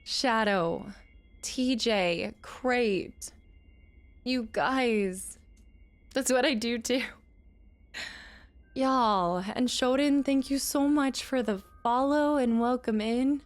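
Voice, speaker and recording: A woman streaming a game, chatting casually with her viewers, laughing often and shouting during fights. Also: on the high side, very slow, pauses often. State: out of breath. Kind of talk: casual live-stream gameplay chat.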